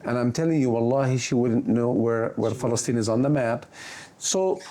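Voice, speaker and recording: A middle-aged man speaking as a guest surgeon, telling stories in an animated way and dropping Arabic words into his English. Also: mid-range voice, normal speed. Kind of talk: conversational storytelling.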